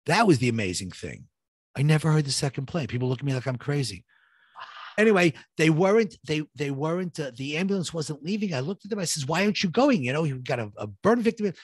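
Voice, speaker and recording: A middle-aged man recounts a gripping personal story, switching into the voices of the people he met along the way. His voice sits a little high for a man. The sound is close and dry, with no room around it. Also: very animated, fast talker, slightly rough, no room sound. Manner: vivid, reenacts dialogue, builds suspense. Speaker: guest telling his story.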